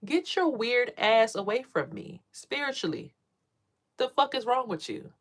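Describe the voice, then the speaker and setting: Animated, cussing woman telling a story. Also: a little slow. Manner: animated, profane, acts out quotes in a high voice. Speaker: vlogger and tarot reader. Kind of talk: casual storytelling vlog.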